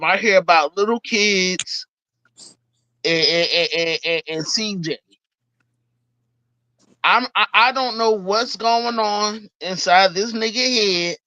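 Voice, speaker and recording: A man's voice: high voice, unhurried, long pauses, bright, forceful tone, dry recording, poor audio. A man who has just joined a live stream, talking emphatically and repeating himself as he gives his opinion. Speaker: guest joining a live stream. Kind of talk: casual live-stream chat.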